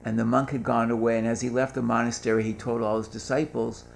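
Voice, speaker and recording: Gravelly older man telling anecdotes. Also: mid-range voice, quick pace, slight background noise. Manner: animated anecdotes, acts out quoted voices. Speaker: speaker at a gathering. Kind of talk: storytelling talk.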